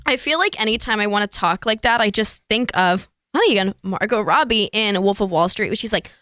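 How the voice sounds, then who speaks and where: A woman's voice: medium pitch, expressive, a little fast, pushed and bright, dry recording, clean studio sound. A woman in her twenties, a podcast guest, chatting casually in a giggly, friendly, self-deprecating way. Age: 20s. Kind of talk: casual chat.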